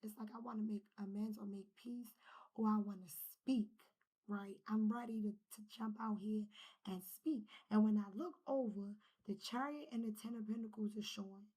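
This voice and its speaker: A woman chats her way through a tarot reading in a casual, rambling manner. Her voice is soft and breathy, and she often trails off into whispers. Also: mid-range voice, normal speed, poor audio. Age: adult with a child. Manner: rambling, animated, drops to whispers. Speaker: tarot reader. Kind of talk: casual spiritual tarot talk.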